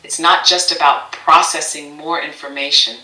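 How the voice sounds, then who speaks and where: A synthetic woman's voice speaking as a doting AI assistant, calling the listener sweetheart and talking in measured, list-like phrases. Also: low-pitched, steady tone, bright, forceful tone, roomy sound, poor audio. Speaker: AI chat assistant. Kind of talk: affectionate scripted-sounding replies.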